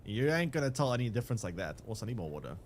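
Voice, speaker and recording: A man's voice: medium pitch, sing-song, racing, a little hiss or hum. A young man, chatting casually with his live chat while playing a game, rambling with restarts and fillers. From South Africa. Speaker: streamer.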